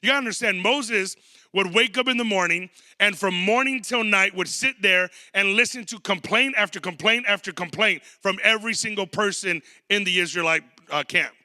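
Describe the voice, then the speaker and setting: A man's voice: high voice, moderate pace, bright, forceful tone, no echo, studio quality. A man in his thirties preaching a sermon as a guest pastor, telling stories and acting out quotes. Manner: storytelling with acted quotes.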